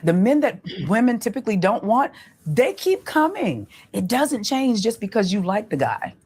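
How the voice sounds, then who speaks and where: A woman relationship coach talking in a podcast interview, explaining in a measured way with pauses. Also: medium pitch, sing-song, a little mellow, breathy edge.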